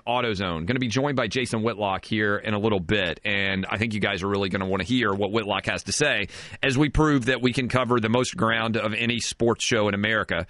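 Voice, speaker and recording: A man's voice: fairly low pitch, fairly bright tone, dry recording. A man hosting a sports talk radio show, riffing sarcastically and in mock outrage.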